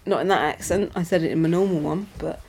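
A woman's voice: on the low side, steady tone, fast talker, vocal fry, noisy background. Chatty woman recapping episodes. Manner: chatty, giggly storytelling. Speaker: podcast co-host. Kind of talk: casual chat recapping a TV episode.

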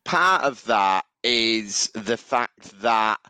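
A man co-hosting a podcast in casual chat, hesitant and relaxed with fillers. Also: fairly low pitch, extremely slow, clear, resonant tone, dry recording. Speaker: podcast co-host.

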